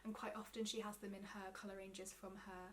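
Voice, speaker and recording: A woman's voice: medium pitch, level tone, fairly quick, a little hiss or hum. A young English woman chatting to camera about her favourite knitting vlogs, enthusiastic and full of ums and side notes. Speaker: knitting vlogger. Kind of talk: casual chat to camera.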